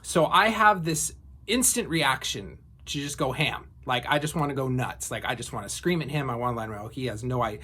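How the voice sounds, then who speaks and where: A man's voice: medium pitch, brisk, sharp tone, husky. A man in his thirties telling a personal story in a casual, reflective way, with frequent fillers and restarts. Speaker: vlogger.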